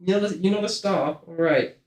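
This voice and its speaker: A man's voice: high voice, moderate pace, a little mellow, reverberant. A man streaming a game in casual chat, playful and chatty, cooing to his cat at home.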